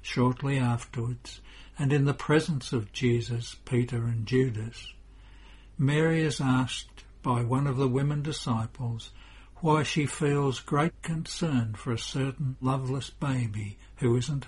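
A man reading a devotional story as narrator in a slow, measured way. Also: medium pitch, a little mellow, slightly rough.

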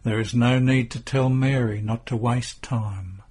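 Slow, breathy male narrator. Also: medium pitch, steady tone, a little mellow. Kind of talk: scripted narration of a religious text.

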